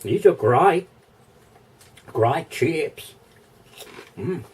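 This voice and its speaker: A man's voice: on the high side, expressive, extremely slow, a little mellow, breathy edge, distant mic. An Australian man chatting casually in a vlog, rambling, thinking aloud and chuckling often, recorded indoors. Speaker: vlogger. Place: indoor room.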